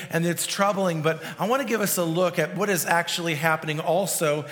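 A man's voice: fairly high pitch, fairly quick, hardly any pauses, long reverb tail. A male pastor preaching a sermon, with frequent restarts and fillers. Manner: prays softly, then preaches with restarts and fillers.

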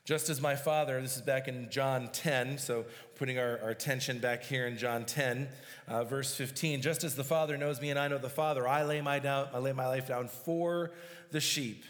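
A man's voice: mid-range voice, fairly even intonation, normal speed. A man preaching a sermon, reading scripture aloud and explaining it verse by verse with emphasis. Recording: long hall reverb.

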